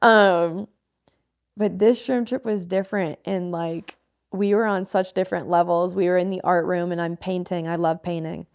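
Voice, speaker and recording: A woman's voice: on the low side, steady tone, moderate pace, gravelly, clear, resonant tone. A woman in her twenties, a podcast co-host, frankly and emotionally telling a personal story with a lot of swearing. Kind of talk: candid podcast conversation.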